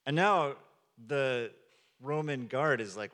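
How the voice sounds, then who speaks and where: With a measured pace and frequent pauses, a pastor tells stories conversationally from the pulpit of a church sanctuary, voicing the quotes as he goes. His medium-pitched voice is a bit bright, and long hall reverb fills the recording.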